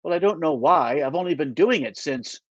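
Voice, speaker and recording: A man voicing an eager, earnest, slightly self-important narrator who is nervous and excited. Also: a little high, moderate pace, dry recording. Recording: dull dry lo-fi recording.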